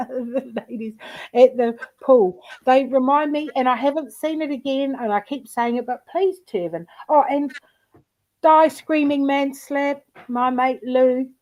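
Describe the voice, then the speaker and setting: A woman with a high, darkish-toned voice hosts a livestream of casual chat, telling rambling, profane anecdotes and laughing often. The audio quality is poor.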